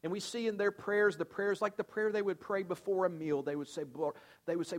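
An older man preaching a sermon in an earnest, conversational way, often dropping to soft, low tones to stress a point. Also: fairly even intonation, fairly quick, few pauses. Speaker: pastor.

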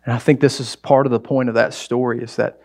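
Fast and creaky, with medium pitch and little pitch movement, a man preaches to the church as its pastor. His conversational sermon moves between loud exclamations and quiet asides.

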